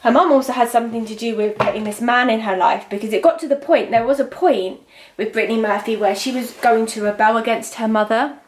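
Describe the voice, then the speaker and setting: A young woman giving a psychic tarot reading, emotional and halting, often trailing off and restarting. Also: fairly high pitch, slight background noise. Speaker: tarot reader. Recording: roomy echo.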